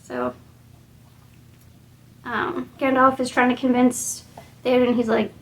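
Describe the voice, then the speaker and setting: Woman, rambling casual retelling, chatty, vocal fry, a bit high-pitched. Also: big pitch swings, takes it slowly, long pauses. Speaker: storyteller.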